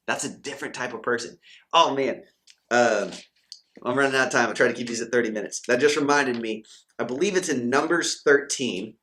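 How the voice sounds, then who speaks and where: A man's voice: mid-range voice, a little fast, pushed and bright. Fired-up preachy man. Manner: acts out quoted doubters and believers. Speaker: Christian coach and channel host. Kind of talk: motivational faith talk to camera.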